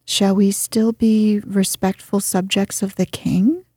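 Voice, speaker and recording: A woman's voice: medium pitch, flat delivery, slow, warm tone, slightly rough, no echo, clean studio sound. A woman voicing an earnest, principled older boy in a storybook reading.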